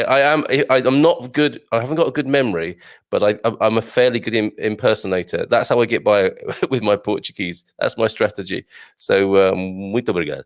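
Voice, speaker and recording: A man from Birmingham, England, hosting a casual news chat for expats and reading out viewer comments with wry, exclamatory asides. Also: fairly low pitch. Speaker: host of an expat news show.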